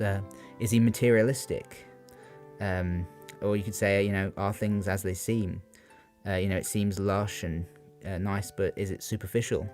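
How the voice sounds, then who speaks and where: A man's voice: sits low, steady tone, moderate pace, a little mellow, soft background music. A young man talking through poetry revision, hesitant and full of ums, asking rhetorical questions as he goes. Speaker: student giving exam revision. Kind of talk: unscripted revision talk.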